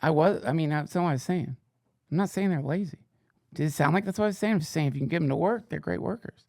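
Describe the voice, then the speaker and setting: Male podcast host, gravelly, dry studio sound, swearing, sarcastic news-reading riffs. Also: fairly high pitch, fast, darkish tone, no room sound. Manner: profane, sarcastic asides, rambling. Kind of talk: comedic reading of fake fantasy news.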